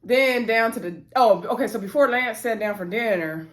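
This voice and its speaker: A woman's voice: a little high, moderate pace. A woman reviewing a TV episode in a casual chat, calling her viewers y'all and acting out the characters' lines as she retells them, with a bit of a runny nose. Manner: chatty, addresses viewers as y'all. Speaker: TV show reviewer.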